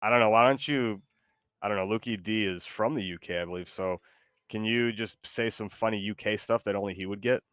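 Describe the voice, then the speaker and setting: Guy streamer, kinda low voice, rambles with lots of ums, dry close sound. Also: brisk, fairly bright tone, no room sound. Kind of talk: live stream chat.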